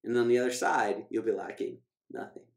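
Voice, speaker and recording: A man, a financial coach, giving an emphatic motivational scripture talk, repeating key phrases and slowing down to read verses. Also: mid-range voice, vocal fry. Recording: echoey room.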